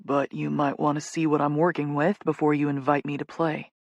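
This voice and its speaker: A woman reading an audiobook, voicing a blunt, deadpan young man in a lowered, gravelly voice. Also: a little fast, no echo, lo-fi sound. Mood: dry, teasing. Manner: deadpan, low-key.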